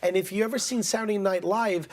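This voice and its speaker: A man speaks as a guest on an interview program, spinning a lively anecdote. He plays every character himself, changing his delivery for each quote he relates. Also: sits high, quick pace. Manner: animated storyteller acting out quotes. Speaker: guest, writer-director-producer. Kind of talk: casual storytelling interview.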